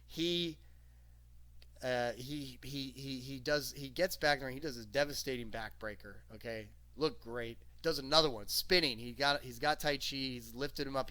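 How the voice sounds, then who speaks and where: Bright-voiced excited man recapping wrestling. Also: medium pitch. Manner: excited, rambling, lots of "okay?". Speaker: wrestling show reviewer. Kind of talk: casual recap commentary.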